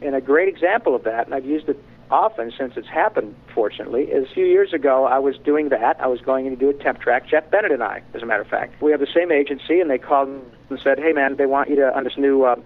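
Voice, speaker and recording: A man's voice: mid-range voice, fast talker. Emphatic man on a tinny line. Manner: emphatic, animated, frank. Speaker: voice actor guest. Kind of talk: candid storytelling in conversation.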